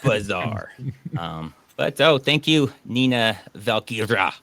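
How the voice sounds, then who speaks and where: A man's voice: fairly low pitch, lively intonation, slow pace, a bit bright, dry recording. A man hosting a casual online chat, joking and sarcastic. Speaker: podcast host.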